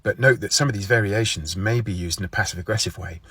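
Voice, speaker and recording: A man giving a deadpan, mock-serious lesson and acting out his example phrases with odd intonation. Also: fairly low pitch, quick pace, slightly rough, no echo. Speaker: comedic explainer. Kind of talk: deadpan mock-instructional monologue.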